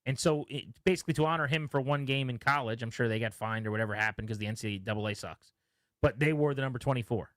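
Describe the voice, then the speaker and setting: Talking quickly in a mid-range voice with no echo, a sports radio host chats casually about the game. He tells lively stories about players and quotes them as he goes.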